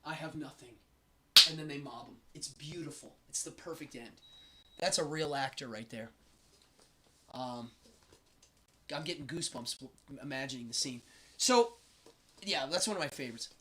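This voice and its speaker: A man's voice: mid-range voice, moderate pace, long pauses, bright, forceful tone. A man hosting a casual live stream, chatting and rambling with strong opinions. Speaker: host.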